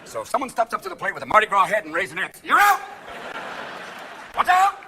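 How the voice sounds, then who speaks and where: Man, stand-up comic, manic, lively swooping pitch, very bright tone, crowd laughing. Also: slight background noise. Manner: manic, rapid voice switching, shouting bursts. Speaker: stand-up comedian. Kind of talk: live stand-up comedy. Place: live comedy stage with laughing audience. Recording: live show audio with crowd laughter.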